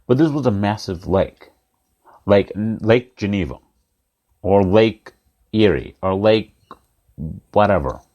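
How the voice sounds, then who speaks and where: A man preaching a sermon, retelling a story in a lively way, repeating phrases and putting questions to his listeners. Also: on the low side, slow pace, pauses often, lo-fi sound.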